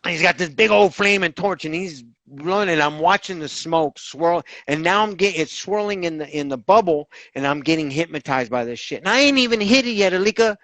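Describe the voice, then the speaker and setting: A man telling his own recovery story in an interview, animated and candid, acting out the voices of others and swearing casually. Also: fairly high pitch, fairly quick, few pauses, no echo, rough recording. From Southern California.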